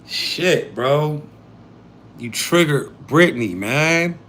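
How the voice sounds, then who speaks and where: A man's voice: medium pitch, unhurried, pauses often, a bit bright. Slangy, profane man on a livestream. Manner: slangy, profane, talks to chat. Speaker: livestream host. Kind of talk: casual livestream talk.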